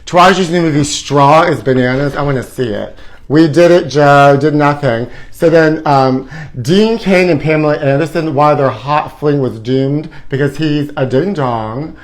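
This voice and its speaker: A man's voice: on the high side, normal speed. Sassy, flamboyant gossip host, a man. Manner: flamboyant and sassy, calls the viewers honey; breaks into short bits of song. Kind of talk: campy live gossip commentary.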